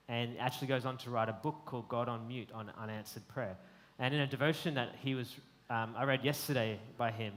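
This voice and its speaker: Earnest man preaching a sermon. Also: medium pitch. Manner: earnest, reflective, frequent ums. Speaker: pastor.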